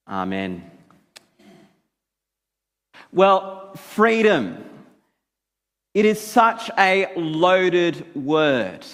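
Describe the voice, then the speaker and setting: High, slow-speaking male preacher in a reverberant hall. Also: expressive, fairly bright tone. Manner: prayerful, then earnest and emphatic preaching. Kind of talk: sermon.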